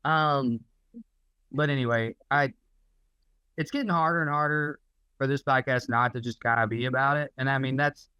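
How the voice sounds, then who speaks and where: A man's voice: mid-range voice, steady tone, normal speed, pauses often, sharp tone, clean tone, no room sound, lo-fi sound. A man co-hosting a podcast, ranting in casual, profane chat. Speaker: podcast co-host.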